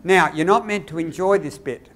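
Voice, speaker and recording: A man teaching behaviour management to teachers, acting out classroom dialogues in a lively way. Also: on the high side, moderate pace. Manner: lively, demonstrative, acts out dialogues. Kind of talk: teacher training workshop.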